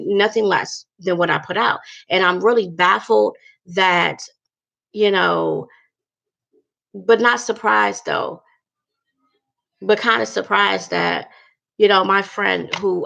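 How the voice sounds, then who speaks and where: Chatty, upset woman with a gravelly voice. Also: medium pitch, a bit bright, highs cut off. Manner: chatty, emphatic, repeats herself, addresses viewers as you guys. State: emotional, upset. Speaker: vlogger. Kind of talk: emotional personal vlog rant.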